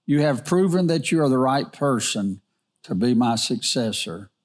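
A man voicing a wise old king in a sermon story, speaking in a measured, unhurried way. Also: medium pitch, animated, close to an everyday voice. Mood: calm.

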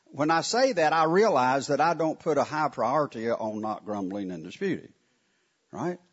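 A man preaching a Bible lesson with a husky, slightly raised voice that swings up and down a lot. He talks in a wry, chatty way and keeps asking his listeners questions, and the recording sounds dull and lo-fi. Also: fairly high pitch. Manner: conversational, wry, asks the audience questions. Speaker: Bible teacher. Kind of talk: sermon teaching.

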